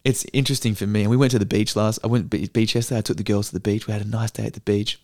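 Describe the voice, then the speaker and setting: A man's voice: fairly low pitch, fairly even intonation, rapid-fire, darkish tone, no room sound, clean studio sound. A man in his twenties with an Australian accent, telling stories in casual chat, swearing freely and full of fillers. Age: 20s. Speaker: podcast co-host, actor and comedian.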